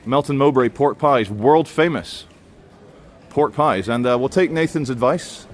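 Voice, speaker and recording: A man's voice: mid-range voice, measured pace. A man talking casually to camera as he walks around and tries food, rambling along with plenty of fillers. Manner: chatty, rambling with many fillers. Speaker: travel vlogger. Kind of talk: casual walking vlog commentary. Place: indoor shopping centre, then outdoor bench. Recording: faint background noise.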